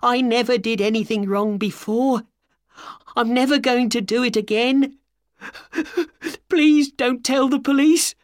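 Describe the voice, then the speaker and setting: A man's voice: measured pace, long pauses, dry recording, clean studio sound. Man doing a desperate, begging young thief. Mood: pleading. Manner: pleading, high and strained. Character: frightened young male thief begging for mercy. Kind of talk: audiobook character voice.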